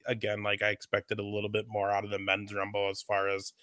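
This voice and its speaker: A man's voice: lowish voice, completely flat delivery, fairly quick, a bit bright, no room sound, studio quality. A man co-hosting a casual wrestling talk show, giving his opinions on recent news. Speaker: podcast co-host. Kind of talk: casual chat, wrestling commentary.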